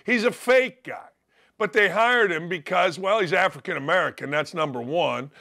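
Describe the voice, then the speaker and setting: An older man hosts a sports talk show. His voice is gravelly from days of yelling, yet fairly high and bright. He rants bluntly and sarcastically, with a combative edge. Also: normal speed. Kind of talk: opinionated sports radio rant.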